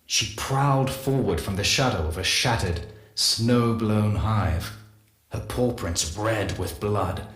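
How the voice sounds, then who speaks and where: Game log: grave, reflective scientist, low voice, roomy echo. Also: male voice, fairly bright tone. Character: solemn male scientist confessing in an audio log. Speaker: morphology specialist. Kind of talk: game audio log narration.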